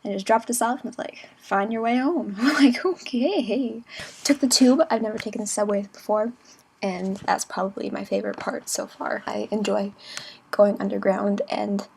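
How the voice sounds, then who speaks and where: A young woman chatting casually in a travel vlog, giggly and playful with quick asides. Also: mid-range voice, steady tone, vocal fry, slightly rough. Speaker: vlogger.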